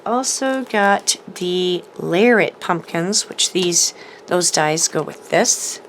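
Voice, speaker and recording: A woman's voice: on the low side, animated, takes it slowly, slight background noise. A woman hosting a casual craft haul video, chatting enthusiastically with lots of ums and little laughs as she shows products to the camera. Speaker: crafting channel host. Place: home craft room, showing products to camera.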